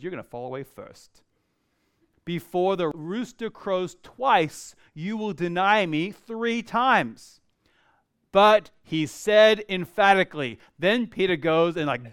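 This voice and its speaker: A middle-aged man preaching a sermon in a church, acting out the quoted voices and swinging from loud to very quiet. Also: on the high side, lively intonation, a little slow, clear, resonant tone, no echo, clean studio sound. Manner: dramatic, acts out quoted voices, varies loudness widely. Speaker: pastor.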